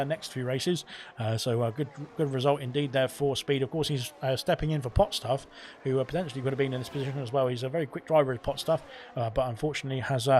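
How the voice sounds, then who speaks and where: Fast-talking male sim racing commentator. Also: medium pitch, slight background noise. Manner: rambling, many fillers and self-corrections. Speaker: esports race commentator.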